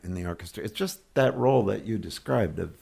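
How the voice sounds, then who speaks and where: An older man, a guest orchestrator, speaking thoughtfully and measuredly with a gently dry manner in an interview. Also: on the low side, expressive, fairly quick, creaky, breathy edge. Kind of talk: reflective interview talk.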